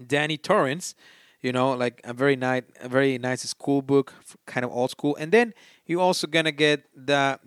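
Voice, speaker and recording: Chatty game podcast host, dry close sound. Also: male voice, medium pitch, fairly bright tone, clean tone, no echo. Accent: non-native English accent. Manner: chatty, restarts often while reading game text aloud. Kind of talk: casual board game review.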